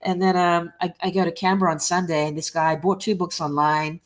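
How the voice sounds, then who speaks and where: An Australian woman, a comic creator being interviewed, telling fan stories in an animated way and laughing often. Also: lowish voice, a little fast. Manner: animated storyteller who acts out quoted people and laughs often. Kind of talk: lively anecdote telling.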